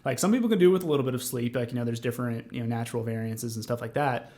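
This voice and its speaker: Racing along in a mid-range, darkish voice, a young man shares his own story as a podcast guest. His conversational storytelling is earnest and rambling, with many fillers and restarts.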